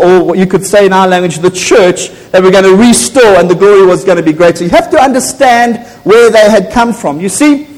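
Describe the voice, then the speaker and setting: Man, 40s, South African accent, pastor's sermon, fervent build-ups, echoing hall. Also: sits high. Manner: animated, rising to declarations, stumbles and repeats words. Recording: long church reverb.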